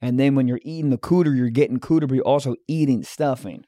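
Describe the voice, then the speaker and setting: A man's voice: mid-range voice, quick pace, warm tone. A man co-hosting a comedy podcast, riffing with crude jokes in casual chat. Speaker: podcast co-host.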